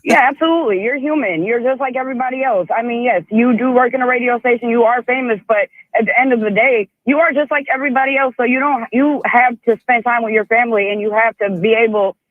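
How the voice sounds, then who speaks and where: A woman's voice: fairly high pitch, fast, hardly any pauses, no room sound. A woman calling in to a radio show, earnestly and insistently backing the host. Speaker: caller. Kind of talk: phone-in call. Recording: tinny phone line.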